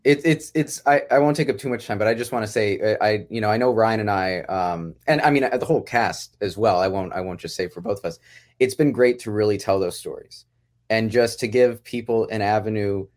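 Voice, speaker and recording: A man's voice: lowish voice, fairly quick. A man who writes and directs a podcast sitcom, talking casually in a rambling way, often breaking off mid-phrase and chuckling.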